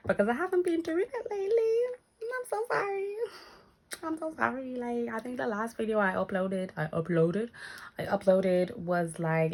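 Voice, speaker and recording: Animated woman telling a story. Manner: animated, acts out quotes with big pitch jumps. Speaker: vlogger. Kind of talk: casual storytime chat.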